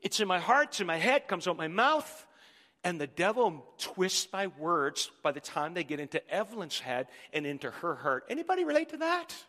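A middle-aged man preaching a sermon as pastor, animated and joking with the congregation. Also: sits high, normal speed, long reverb tail.

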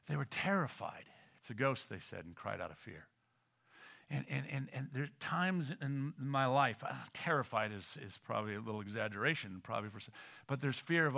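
A middle-aged man preaching a sermon as a pastor, swinging from loud emphatic lines to hushed, almost whispered ones and often repeating words as he builds. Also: mid-range voice, lively intonation, brisk, vocal fry.

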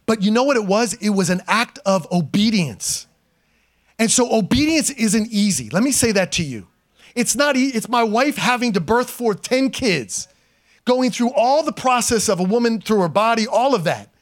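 A middle-aged man, a pastor, preaching a sermon to a congregation, calling for responses and swinging between loud and hushed delivery. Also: sits high, lively intonation, moderate pace. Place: church sanctuary before a congregation.

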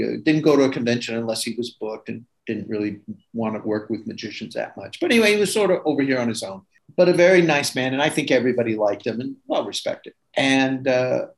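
A man's voice: medium pitch, animated, brisk, poor audio. An older man, a former magazine editor and magician, telling chatty anecdotes in a casual interview and laughing often.

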